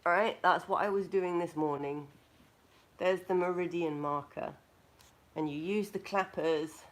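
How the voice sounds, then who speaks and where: A woman hosting a live stream in a relaxed, casual way, recommending foods and telling stories. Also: lowish voice, unhurried, a little hiss or hum.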